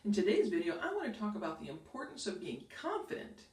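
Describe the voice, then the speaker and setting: A woman's voice: mid-range voice, huge pitch swings, fast, darkish tone. A middle-aged woman hosting a career advice video, explaining in an upbeat, emphatic way straight to the camera. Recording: roomy echo, mic at a distance.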